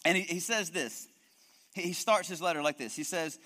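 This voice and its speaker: A high-pitched, sharp-toned man preaches a sermon at a moderate pace, his animated delivery echoing with long hall reverb. Emphasis runs throughout, and he keeps repeating words as he develops his argument.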